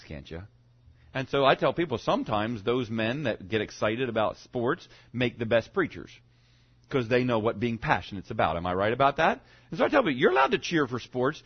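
A man preaching a sermon to his congregation, swinging from loud to hushed as he goes. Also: medium pitch, husky. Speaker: pastor. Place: church sanctuary. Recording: dull lo-fi sound.

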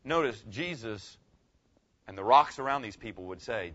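A man's voice: medium pitch, lively intonation, moderate pace, sharp tone. A man preaching a sermon as pastor, emphatic, putting questions to his congregation. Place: room with a congregation. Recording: dull lo-fi recording.

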